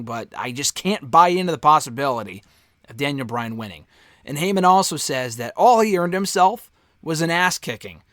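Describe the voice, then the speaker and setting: Male reviewer, talks candidly and offhand, higher-pitched voice, dry close mic. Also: fairly bright tone, no echo. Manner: candid, offhand, swears freely. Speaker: wrestling show reviewer. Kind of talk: casual spoken review.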